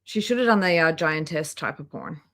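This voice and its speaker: A woman streamer pauses a clip to comment on it, chatty and catty, explaining things to her chat. Her voice sits somewhat low for a woman. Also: expressive, a bit bright. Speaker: reaction streamer. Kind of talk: reaction commentary.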